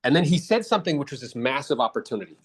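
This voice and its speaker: A blunt male sales coach giving feedback at a quick clip. He talks casually and calls the listener bro. His voice sits at an ordinary middle pitch. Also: sing-song, breathy edge. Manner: briefly mimics others in exaggerated voices. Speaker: real estate sales coach. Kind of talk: coaching feedback after a role-play.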